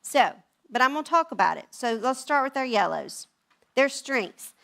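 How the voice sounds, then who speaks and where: Grandmother telling lively family stories. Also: high-pitched, normal speed, creaky. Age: older. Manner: animated, acts out family dialogue in changing voices. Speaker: speaker at a moms' event. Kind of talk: talk to an audience, storytelling.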